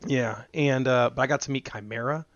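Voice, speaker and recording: A man co-hosting a podcast in casual chat, an animated storyteller who acts out the people he quotes. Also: mid-range voice, brisk, dry recording. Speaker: podcast co-host. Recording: dull, lo-fi podcast mic.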